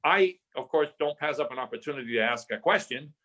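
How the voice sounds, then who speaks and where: A man's voice: mid-range voice, expressive, fairly quick, fairly bright tone. An older man guest from Southern California telling a story in a podcast interview, acting out the voices he quotes and restarting his phrases often.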